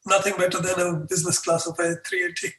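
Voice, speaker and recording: A man's voice: sits high, fast talker, slight background noise. A man, a guest in an interview, telling a story and acting out the dialogue. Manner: animated, acts out dialogue with voices. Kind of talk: storytelling in conversation. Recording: echoey room, far from mic.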